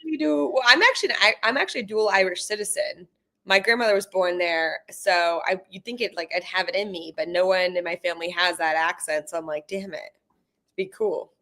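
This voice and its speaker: A woman's voice: fairly low pitch, fast, bright, forceful tone. A young woman guesting on a podcast, joking and rambling with lots of fillers. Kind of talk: casual chat.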